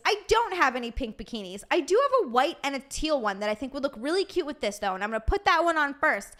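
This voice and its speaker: A woman's voice: high voice, big pitch swings, quick pace, hardly any pauses, fairly bright tone. A woman streamer chatting casually with her viewers, scattered and tired from lack of sleep, swearing freely. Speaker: streamer and podcast host. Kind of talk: casual livestream chat, answering viewer donations.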